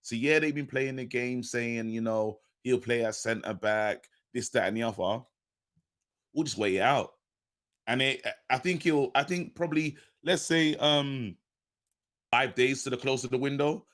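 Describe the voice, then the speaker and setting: A man's voice: medium pitch, fairly bright tone. A man, chatting about football on a podcast panel in a laid-back, slangy way. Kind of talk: casual football podcast chat.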